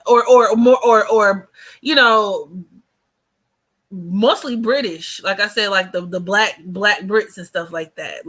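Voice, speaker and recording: Bright-voiced chatty young woman. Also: mid-range voice. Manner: chatty and animated, heavy on fillers, addresses viewers as y'all. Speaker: vlogger. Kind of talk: casual storytime chat.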